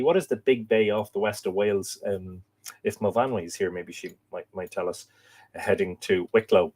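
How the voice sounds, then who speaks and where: A man's voice: on the low side, a little mellow. An Irish man hosting a live stream, chatting casually and reading viewer comments aloud, with a lot of musing asides and filler words. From Ireland. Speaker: host.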